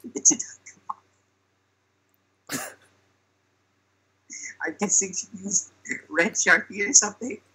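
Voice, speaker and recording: A man's voice: sits high, lively intonation, takes it slowly, pauses often, bright, forceful tone, breathy edge, poor audio. A young man telling a comic story on a podcast in a chatty way, full of fillers, and acting out the lines he quotes.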